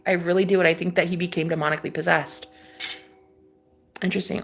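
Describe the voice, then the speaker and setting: A woman from Iowa talks casually to her live-stream viewers, rambling and circling back with fillers and repeats, swearing freely. Her voice is bright and forward with a gravelly fry underneath. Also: lowish voice, fast talker, pauses often. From Iowa, USA. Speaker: livestream host reading chat.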